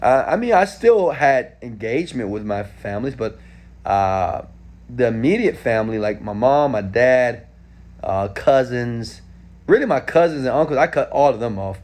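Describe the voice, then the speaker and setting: A man in his thirties from Houston, Texas, answering viewer questions in a casual live stream, animated and talking straight to viewers. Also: medium pitch, normal speed. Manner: animated, talks straight to viewers with frequent "okay?".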